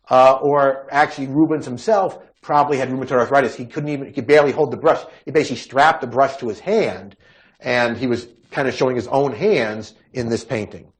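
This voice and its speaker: A man giving a recorded medical lecture on hand injuries, talking conversationally with wry asides. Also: medium pitch. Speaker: physician lecturer.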